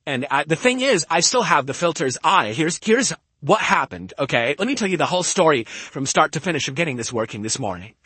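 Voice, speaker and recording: An emphatic man on a home stream who argues his point and keeps checking in with "okay?". His voice sits a little high for a man. He talks right into a close podcast mic, with a dry, roomless sound. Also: big pitch swings, brisk, pushed and bright, no room sound. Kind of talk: casual stream talk. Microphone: studio podcast mic close up.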